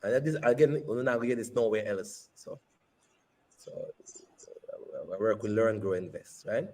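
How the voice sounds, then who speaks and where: A man, a company CEO, telling a personal story in an interview with animated, repeated phrases. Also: on the low side, measured pace. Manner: animated retelling that repeats phrases and slips into patois.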